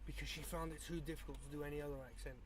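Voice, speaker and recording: A man's voice: a little high, flat delivery, very fast, a little hiss or hum. A man co-hosting a podcast, blunt and dismissive, swearing freely in casual opinionated chat. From England. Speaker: podcast co-host.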